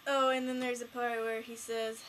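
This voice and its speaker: Teenage girl, casual vlog chat, rambling, excitable, bright voice, faint hiss. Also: a little high, normal speed, rough recording. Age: late teens. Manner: rambling, excitable, lots of fillers. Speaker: vlogger.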